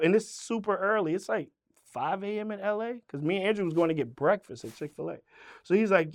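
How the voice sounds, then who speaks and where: Man telling a profane, animated story. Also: high voice, fairly quick. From Richmond, Virginia. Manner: profane, acts out both sides of dialogue. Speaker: rapper, interview guest.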